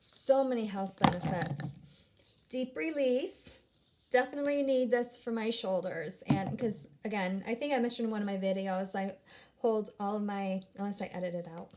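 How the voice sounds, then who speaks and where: At home, a bubbly, upbeat vlogger chats casually while unboxing products, rambling and often trailing off to restart her sentences. Her voice is mid-range and at a normal speed, against a noisy background.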